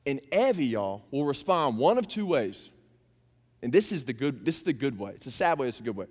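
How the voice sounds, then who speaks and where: A man, preaching a sermon and telling family stories with animated impressions. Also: medium pitch, brisk, slightly rough. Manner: animated storytelling, acting out his daughters' voices. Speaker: pastor. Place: church auditorium. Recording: long reverb of a church hall.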